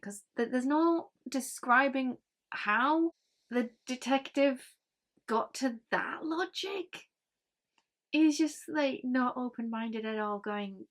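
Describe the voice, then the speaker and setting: A woman's voice: medium pitch, takes it slowly, a bit bright. A woman gives a casual spoken book review, chatty and rambling with many ums and frank grumbles.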